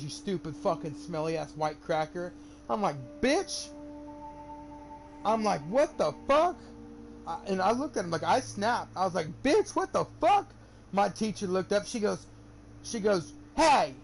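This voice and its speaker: A man's voice: sits high, a little hiss or hum. A young man streaming a game, telling a rambling, profane story in casual chat. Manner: rambling, profane, animated when quoting. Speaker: gamer streamer. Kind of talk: casual storytelling while gaming.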